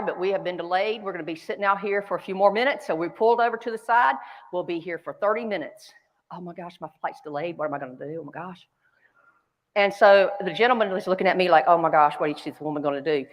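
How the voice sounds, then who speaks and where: A fast-talking woman with a medium pitch delivers a keynote in a big conference hall, where long reverb hangs on her words. She hails from North Carolina, has a Southern accent, and tells stories in a chatty, self-deprecating style.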